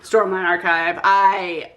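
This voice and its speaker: Young woman, booktuber, casual chat, excited, gushing, swears freely. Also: lowish voice, takes it slowly.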